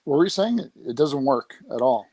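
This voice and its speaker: A man's voice: mid-range voice, sing-song, a little fast, warm tone, no room sound. A man co-hosting a podcast, talking bluntly and getting defensive, with the odd swear. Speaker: podcast co-host. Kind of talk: casual chat.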